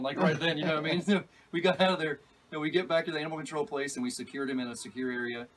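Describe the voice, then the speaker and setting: A man telling a story as an interview guest, animated and excitable, laughing as he acts out what others said. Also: fairly high pitch, very fast, far from the mic, slight background noise. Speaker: alligator catcher, guest. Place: outdoors at an animal park.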